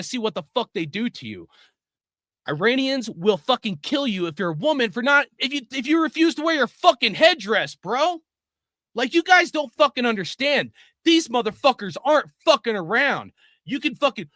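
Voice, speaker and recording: A man's voice: extremely high pitch, sharp tone, no echo, studio quality. A middle-aged man ranting angrily and swearing constantly in a profane opinion talk. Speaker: video host.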